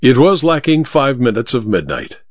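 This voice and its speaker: A man reads an audiobook in an expressive storytelling manner, his voice at a middle pitch. His delivery is animated, moving widely through its range. The recording is dry and dull, with a lo-fi sound. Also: moderate pace, dry recording. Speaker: narrator. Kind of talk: audiobook narration.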